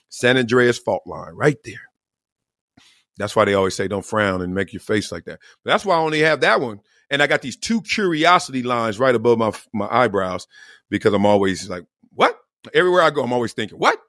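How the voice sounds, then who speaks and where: A middle-aged podcast host delivers a casual comedic monologue, joking, laughing often and acting out quotes in different voices. His mid-range voice sounds pushed and bright, recorded in clean studio quality with no echo.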